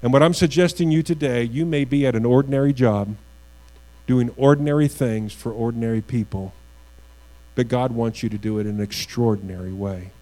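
Pastor guy preaching, mellow dark voice, earnest, some hum in the background. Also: mid-range voice, rough recording. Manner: earnest, repeats words, rising emphasis on key phrases. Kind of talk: sermon.

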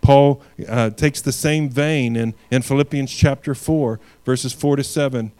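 A man preaches a sermon at a mid pitch. He reads scripture aloud and presses his points with rising, emphatic force, then drops back to a quieter tone. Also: fairly even intonation, unhurried, clear, resonant tone. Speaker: pastor.

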